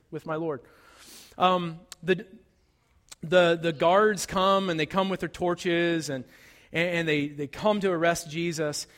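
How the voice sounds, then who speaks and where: High-voiced man preaching in a reverberant hall. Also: a bit bright. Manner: conversational storytelling, frequent "like" and "right?". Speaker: pastor. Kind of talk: sermon.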